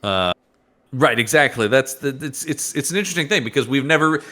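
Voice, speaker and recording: A podcast co-host jokes casually about a comic book in a medium-pitched voice, speaking fairly quickly. He's jokey and animated and often restarts his sentences.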